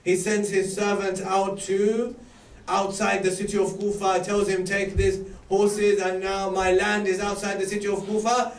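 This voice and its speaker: An impassioned man preaches in a large hall, his fairly high voice ringing with echo. He sits a little away from the microphone. He repeats key phrases and builds to shouts. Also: little pitch movement, a little slow. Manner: impassioned, rising to shouts at dramatic moments. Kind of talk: sermon retelling a historical narrative. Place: mosque or community centre hall. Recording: echoey hall, voice from far off.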